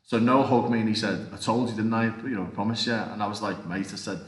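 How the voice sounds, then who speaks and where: A man, a martial artist and actor, telling animated anecdotes as an interview guest. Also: on the low side, quick pace. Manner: animated anecdotes, acts out quoted voices. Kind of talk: casual interview storytelling. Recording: roomy echo.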